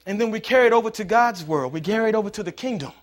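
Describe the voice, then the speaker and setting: A pastor delivers a sermon in a notably high voice, talking it through like a story with plenty of "you know" asides. He often swells into loud, repeated, punchy lines to drive his point home. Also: lively intonation, rapid-fire. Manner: conversational preaching, rising to loud emphatic passages.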